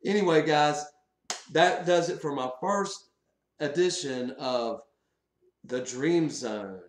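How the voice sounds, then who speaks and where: A man hosting his own channel, casually recounting a dream to viewers with lots of laughter and lively bursts. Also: a little high, slow pace, pauses often, roomy sound, slight background noise. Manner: animated, laughs often while recounting. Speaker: channel host. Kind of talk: casual storytelling to camera.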